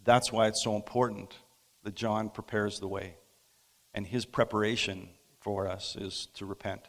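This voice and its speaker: Male pastor, gravelly voice, halting storyteller with pauses, sermon in a reverberant church. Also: lowish voice, level tone. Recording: long hall reverb.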